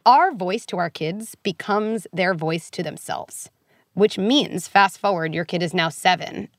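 Earnest, animated woman with dry sound. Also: on the low side, no room sound. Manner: animated, earnest, quick asides; frequent "like" and "right?" fillers. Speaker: guest psychologist. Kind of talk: podcast interview.

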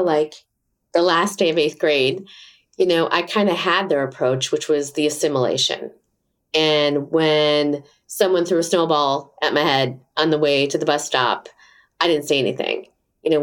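A woman's voice: deep voice, moderate pace. A middle-aged woman, an interview guest, telling a personal story candidly and animatedly, acting out the voices she quotes. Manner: animated, acts out quoted voices, many fillers.

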